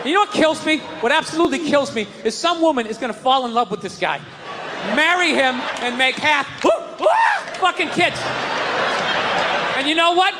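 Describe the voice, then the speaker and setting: A man doing a stand-up routine on stage, ranting and shouting with lots of profanity. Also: very high voice, lively intonation, a little fast, big-room sound. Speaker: stand-up comedian. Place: comedy stage with live audience. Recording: live crowd audio with noise.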